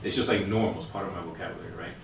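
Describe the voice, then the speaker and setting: A man in his thirties co-hosting a podcast, telling stories in a casual, animated way with plenty of fillers and casual swearing. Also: sits low, racing, creaky. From Hispanic household. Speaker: podcast co-host. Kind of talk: casual storytelling chat. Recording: echoey room, mic at a distance, faint hiss.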